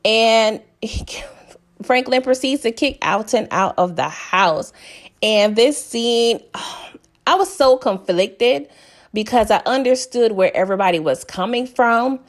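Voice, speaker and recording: A woman's voice: a little high, expressive, takes it slowly. A woman giving a casual, chatty recap of a TV episode. She laughs often and fills her talk with "you know". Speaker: TV recap host.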